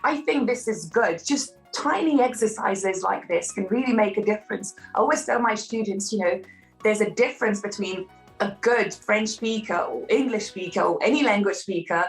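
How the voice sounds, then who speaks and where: An enthusiastic woman teacher talks through her advice in a casual interview, leaning on "you know" and laughing often. Her pitch sits in a middle range. Faint music plays quietly behind her. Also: normal speed, poor audio. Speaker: French teacher, interview guest.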